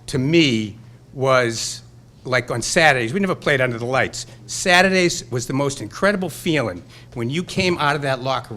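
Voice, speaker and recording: Accepting a hall of fame honor at a banquet, a Boston-accented man in his sixties from Burlington, Massachusetts, reminisces in a rambling, nostalgic way. He speaks in a mid-range, slightly bright voice, telling his stories with fired-up energy.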